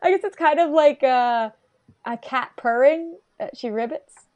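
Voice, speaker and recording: A woman's voice: sits high, a little slow, a little mellow, highs cut off. A woman co-hosting a podcast, recapping an episode in casual, rambling chat full of "like". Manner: chatty, rambling, frequent "like" fillers. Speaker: podcast co-host.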